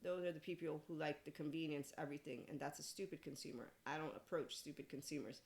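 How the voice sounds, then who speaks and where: A woman in her forties, a podcast host, giving a rambling spiritual monologue in an animated way, laughing often and dropping profane asides. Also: low voice, quick pace, gravelly. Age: 40s.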